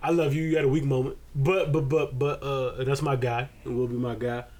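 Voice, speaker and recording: A man's voice: mid-range voice, flat delivery, a little fast, a little mellow. A man co-hosting a podcast in casual chat, rambling with restarts and slang. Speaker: podcast co-host.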